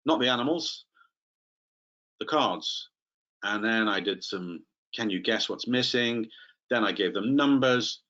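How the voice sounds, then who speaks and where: A man's voice: medium pitch, fairly bright tone, lo-fi sound. A man training teachers in a live online webinar, chatty and playful, calling on participants by name.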